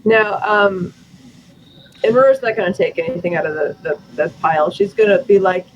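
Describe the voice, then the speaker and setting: Brief: mid-pitched player, halting casual talk, faint noise in the recording. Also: lo-fi sound. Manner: halting, thinking aloud. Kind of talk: casual tabletop game chat.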